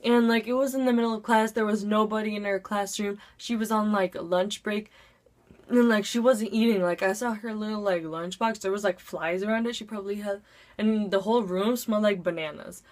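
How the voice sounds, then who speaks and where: A woman's voice: mid-range voice, steady tone, brisk. A teenage girl telling a storytime vlog story. She talks in a chatty, breathless rush, fills it with "like", and jumps into dramatic voices for the big moments. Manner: dramatic voice swings into acted quotes. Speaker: vlogger.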